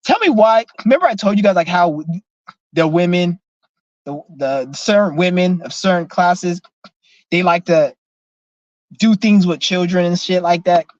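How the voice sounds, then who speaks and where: A young man telling a profane, animated story in a casual vlog rant. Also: sits high, measured pace, no echo, highs cut off. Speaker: vlogger.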